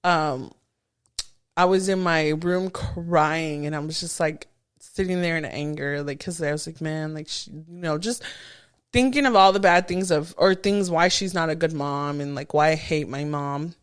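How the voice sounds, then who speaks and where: A young woman co-hosting a podcast, telling stories in casual chat, animated and often laughing. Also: low-pitched, a little slow, clear, resonant tone. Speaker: podcast co-host.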